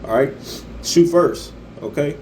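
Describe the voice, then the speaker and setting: A man's voice: fairly high pitch, lively intonation, slow, darkish tone, slight background noise, poor audio. A man delivering a profane religious-political rant, stammering often and tagging his lines with "man" and "right". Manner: stammering, repeats "man" and "right", swears freely. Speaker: online commentator.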